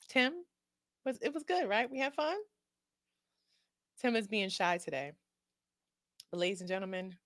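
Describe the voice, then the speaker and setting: Lively sassy woman talk-show host. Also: medium pitch, no echo, studio quality. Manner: sassy, emphatic, playful scolding. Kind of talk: casual comedic talk show closing.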